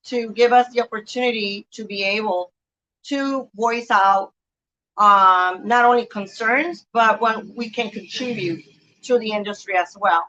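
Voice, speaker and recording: A thoughtful woman guest speaks slowly and deliberately. Her voice is bright and crisp, on a slightly dull, lo-fi line. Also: mid-range voice. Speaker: interview guest. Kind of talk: interview answer.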